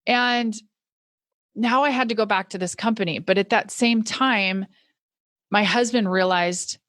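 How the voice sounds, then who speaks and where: A middle-aged woman in a mid-range voice tells her own story as a podcast host, earnest and reflective. She slows down on the words she wants to land. Her voice is close to the mic and dry, with no room sound. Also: medium pitch, a bit bright, no room sound. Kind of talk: personal storytelling monologue.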